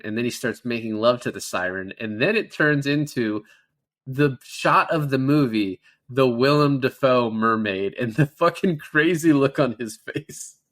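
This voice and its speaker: A mid-pitched man in casual podcast chat, walking through a film scene by scene. He talks loosely and swears often, with an everyday speaking voice. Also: a bit bright. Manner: loose, profane retelling of scenes. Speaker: podcast co-host.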